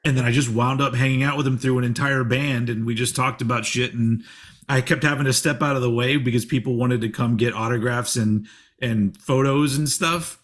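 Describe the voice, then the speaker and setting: A podcast host in his forties, with a mid-range, steady voice and a slightly fast pace, tells rambling stories in casual chat, swearing and laughing often.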